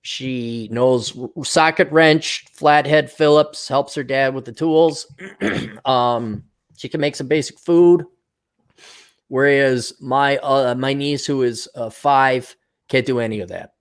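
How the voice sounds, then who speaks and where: A man's voice: mid-range voice, slow, smooth. A man co-hosting a podcast in blunt, profane casual chat. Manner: blunt, profane, mocking impressions. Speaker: podcast co-host.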